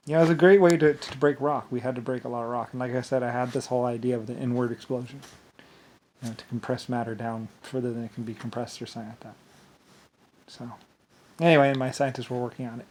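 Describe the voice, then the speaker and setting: A man's voice: mid-range voice, a little mellow, a little hiss or hum. Man, mid-range voice, meandering vlog monologue, frequent laughs. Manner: meandering, laughs often, keeps saying "anyway". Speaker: vlogger. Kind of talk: rambling monologue.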